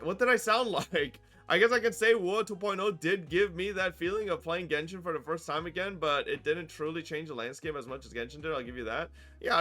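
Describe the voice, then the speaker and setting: A man streaming live, ranting casually to his chat in a profane, animated way that keeps breaking into laughter. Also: high voice. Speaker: gaming streamer.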